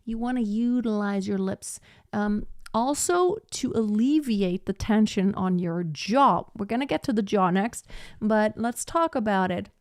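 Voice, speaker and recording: Here a woman teaching voice in a live lesson talks at medium pitch, animated yet a little slow, her tone a little mellow. She alternates technical explanation with brief sung examples, captured in clean studio sound with no room ambience.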